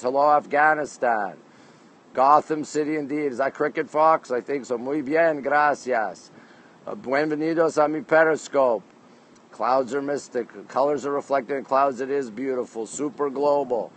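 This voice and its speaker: A man's voice: medium pitch, low-quality recording. A man from Canada hosting a casual livestream on a city rooftop at night, greeting viewers by place name and reading their comments aloud into his phone. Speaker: livestream host.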